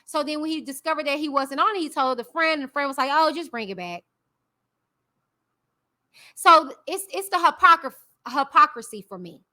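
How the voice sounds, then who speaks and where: Bright, high-voiced woman giving blunt commentary. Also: a little fast, few pauses. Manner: candid, opinionated, talks directly to viewers. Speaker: YouTube commentary host. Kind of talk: casual live-stream commentary.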